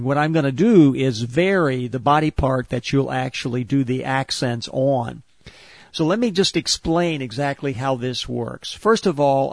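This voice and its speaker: Slow, methodical male exercise instructor. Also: medium pitch, creaky, dry recording. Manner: methodical, repeats and spells out each step. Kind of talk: step-by-step instruction.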